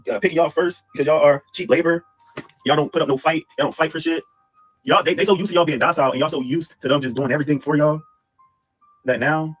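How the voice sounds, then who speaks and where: A man ranting angrily in a video, mocking and firing off repeated rhetorical questions. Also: mid-range voice. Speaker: commentator in a played clip. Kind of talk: angry rant video.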